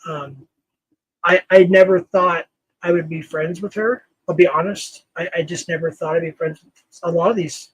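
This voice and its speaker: Male livestream host, high voice, dry close sound, loose and rambling with lots of ums. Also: fairly even intonation, moderate pace, breathy edge, dry recording, poor audio. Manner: rambling, thankful, laughs often, trails off with fillers. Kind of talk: casual livestream chat.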